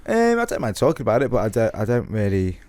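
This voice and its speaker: A man with a fairly low voice co-hosting a podcast in relaxed, casual chat. He sounds hesitant and self-deprecating, often pausing on ums and trailing off. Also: no room sound. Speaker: podcast co-host.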